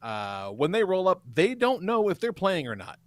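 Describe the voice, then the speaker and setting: A man in his forties, a podcast co-host telling animated, profanity-laced stories in casual chat. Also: high voice, normal speed, no room sound.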